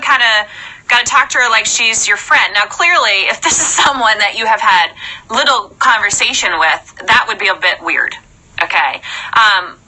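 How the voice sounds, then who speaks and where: A young woman in a chatty, animated live-stream coaching talk, often checking in with "okay?". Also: on the high side, rough recording. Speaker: sales trainer.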